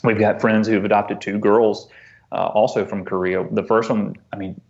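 A man telling a personal story as an interview guest, earnest and halting, often restarting his sentences. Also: fairly low pitch, flat delivery, creaky, darkish tone, muffled recording. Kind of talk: conversational storytelling.

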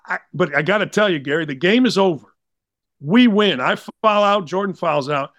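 A man in his sixties telling blunt, animated sports stories as a podcast guest. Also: high voice, normal speed, dry recording, studio quality. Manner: blunt, animated, slangy anecdotes. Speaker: guest, former college basketball player. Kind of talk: casual storytelling.

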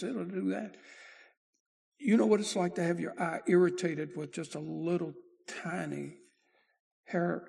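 A male pastor preaching a sermon, slow and deliberate, with his voice swelling and dropping in volume. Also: high-pitched, gravelly, husky.

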